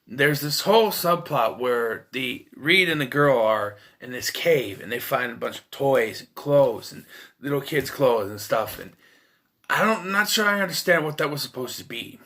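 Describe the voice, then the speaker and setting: Man reviewing a movie off the cuff, animated delivery, exasperated and profane. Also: medium pitch, normal speed. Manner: rambling, exasperated, swears freely. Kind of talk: casual spoken film review.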